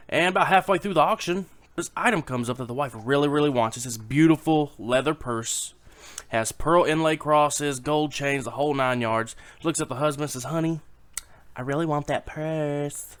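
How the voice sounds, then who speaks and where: A man's voice: on the high side, moderate pace, fairly bright tone. A man casually telling a rambling, swearing joke to camera at home, with his daughter on his lap. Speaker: YouTube joke teller.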